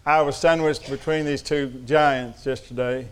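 A man's voice: a little high, fairly even intonation, a little slow, smooth. A middle-aged man preaching a sermon, telling folksy stories with humor. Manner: folksy storytelling with humor and Southern address. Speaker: pastor.

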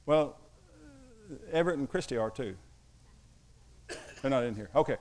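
A man's voice: medium pitch, lively intonation, moderate pace, long pauses, darkish tone. A man preaching a sermon as pastor to his congregation, emphatic and mixing in humorous asides.

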